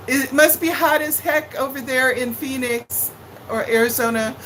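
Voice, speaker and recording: A woman's voice: sits high, moderate pace, fairly bright tone, slight background noise, rough recording. A middle-aged woman hosting a casual home livestream from her living room, chatting and greeting viewers by name with sing-song hellos. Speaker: livestream cooking host. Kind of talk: casual live-stream chat.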